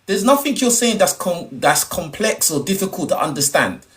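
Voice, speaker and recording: A man's voice: high voice, very animated, moderate pace. A young adult man from Nigeria hosting a heated panel debate, arguing hard and cutting in with repeated "hold on"s. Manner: argumentative, interrupts, repeats "hold on". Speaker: podcast host.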